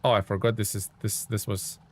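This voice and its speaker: A man's voice: on the low side, little pitch movement, brisk, slight background noise. A man streaming a truck-driving game live, giving laid-back, chatty commentary and reading viewer chat aloud.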